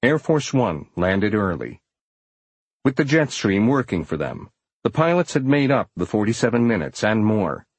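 A male audiobook narrator with a low, husky voice reads a thriller in a steady, dramatic style. His pitch rises and falls with lively movement. The close mic gives a dry, roomless sound. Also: moderate pace, no room sound.

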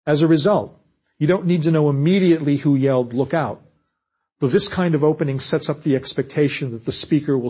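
A man giving a measured, scripted lecture on writing fiction. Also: medium pitch, darkish tone, breathy edge. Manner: measured, explanatory delivery.

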